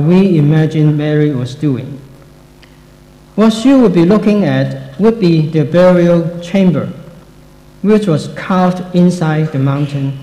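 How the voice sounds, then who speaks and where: A man explaining a Bible passage in a slow, reflective way, his voice mellow and a bit high. The recording is echoey, with a long reverb tail. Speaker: Bible teacher.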